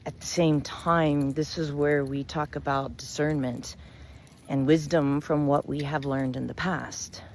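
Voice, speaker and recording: Deep-ish woman storyteller, slow gentle talk, faint room hum behind. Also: steady tone. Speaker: storyteller and spiritual reader. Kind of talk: fable storytelling and reflection.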